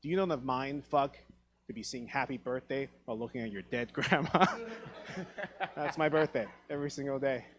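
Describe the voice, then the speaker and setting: A man's voice: medium pitch, moderate pace, a bit bright, a little hiss or hum. A man in his thirties from Taiwan, performing a stand-up comedy set on a theatre stage, profane and self-deprecating, acting out quoted dialogue. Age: 30s.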